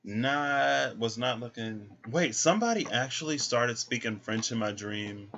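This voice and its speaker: A tarot vlogger rambles in a casual vlog, hesitant and meandering as he thinks aloud about his dreams and tarot cards. His medium-pitched voice is animated and fairly bright at a measured pace, and the lo-fi sound is dull with faint noise.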